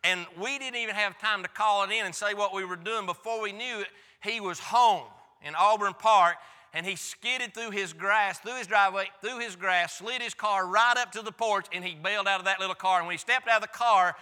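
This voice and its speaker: A man's voice: high voice, bright, forceful tone, long reverb tail. A pastor preaching a sermon, telling a folksy, emphatic story from his own life. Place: church.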